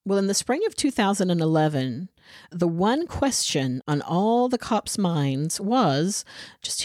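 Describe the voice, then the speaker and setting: A woman's voice: fairly low pitch, sing-song, a little slow, a little mellow, no echo, clean studio sound. A woman co-hosting a true crime podcast, sarcastic and swearing, acting out people's reactions as she tells the story. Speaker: podcast co-host.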